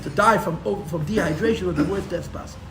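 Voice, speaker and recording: A man teaching a live Torah class as a rabbi, telling the story with animated, sarcastic humor and mixing in Hebrew and Yiddish terms. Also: sits high, a little fast, echoey room, background noise. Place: room for a live-streamed class.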